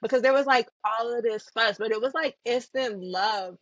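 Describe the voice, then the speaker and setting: Young woman, slightly high voice, dry dull sound. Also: normal speed, no echo. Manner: lively, laughing, fillers like "um" and "like". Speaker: podcast co-host. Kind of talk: casual storytelling chat.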